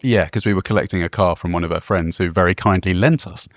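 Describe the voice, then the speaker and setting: A man's voice: low voice, quick pace, no room sound, studio quality. A man co-hosting a travel podcast, telling a rambling, self-deprecating story with small chuckles. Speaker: podcast co-host.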